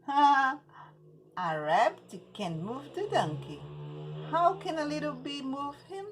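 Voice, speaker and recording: A woman's voice: sits high, lively intonation, a little slow, a little hiss or hum, pitched above the performer's own voice. A woman voicing a proud, scoffing rabbit in a storybook, speaking English as a Portuguese native.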